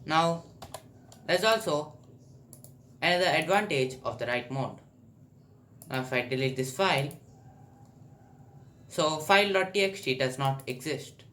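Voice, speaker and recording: A man's voice: on the high side, lively intonation, measured pace, long pauses, a bit bright. A man teaching a screen-recorded coding tutorial, explaining step by step and thinking aloud as he types. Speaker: programming tutor. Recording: faint background noise.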